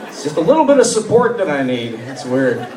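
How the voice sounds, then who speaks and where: A man doing a loose, rambling stand-up set in a comedy club, full of uhs and sudden loud character voices. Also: on the high side, big pitch swings, a little fast, noisy background. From New York. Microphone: handheld stage mic. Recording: echoey club recorded from far off. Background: laughing crowd.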